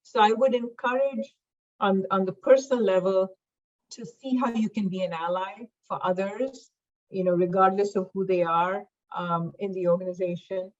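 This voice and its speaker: A middle-aged woman guest on a podcast, speaking in a measured way with many fillers. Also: medium pitch, fairly even intonation, highs cut off. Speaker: podcast guest, diversity expert. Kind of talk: conversational interview.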